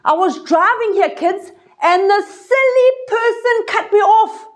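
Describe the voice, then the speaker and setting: A woman telling children a Bible story in an expressive way, acting out voices and sound effects. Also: very high-pitched, measured pace. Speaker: children's ministry teacher. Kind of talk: animated Bible lesson for kids.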